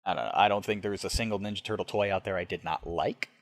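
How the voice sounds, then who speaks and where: A man in his thirties co-hosting a podcast, chatting casually in an animated way with stammering restarts. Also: low-pitched, fast, dry recording, clean studio sound. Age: 30s. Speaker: podcast co-host. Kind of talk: casual recap chat.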